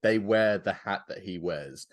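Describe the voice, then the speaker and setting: A man's voice: deep voice, measured pace. A British man, a podcast guest, chatting casually and laughing through his own jokes. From Britain.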